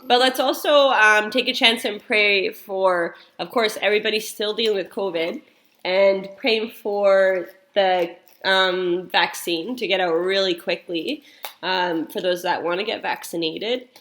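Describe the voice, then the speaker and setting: Woman, 30s-40s, church mom, casual storyteller, bright crisp voice, filler-heavy delivery. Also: mid-range voice, fairly even intonation, measured pace. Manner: chatty, rambling, full of fillers and restarts. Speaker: mother leading a church welcome and prayer. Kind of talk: casual storytelling and spoken prayer.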